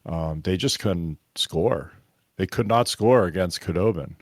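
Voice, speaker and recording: Low-voiced podcast guy rambling about hockey, laughs a lot, dry close sound. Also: a little slow, no echo. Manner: chatty, laughs easily, rambling. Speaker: podcast co-host. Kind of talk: casual sports chat.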